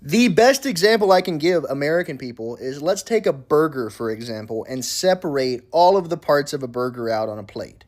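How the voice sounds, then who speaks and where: A food content creator talking casually, explaining in a relaxed way with some mild swearing. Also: male voice, fairly high pitch, a little fast, hardly any pauses. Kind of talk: casual commentary.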